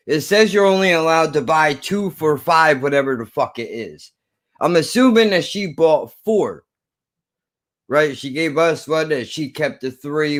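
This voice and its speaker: A man in his thirties telling a story as an animated, profane rant to his viewers. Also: a little high. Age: 30s. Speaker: vlogger. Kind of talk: ranting storytelling.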